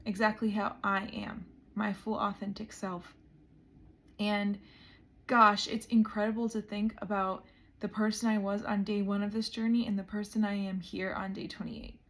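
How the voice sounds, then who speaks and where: Emotional woman, hushed and earnest. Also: mid-range voice, flat delivery, moderate pace. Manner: earnest and emotional, often dropping to a hush. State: emotional, close to tears. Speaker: vlogger. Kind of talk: meditation video diary.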